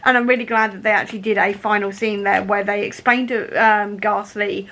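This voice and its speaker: A woman's voice: medium pitch, steady tone, a little fast, a bit bright. A young woman vlogging casually about a book she is reading, gushing and emotional, often laughing.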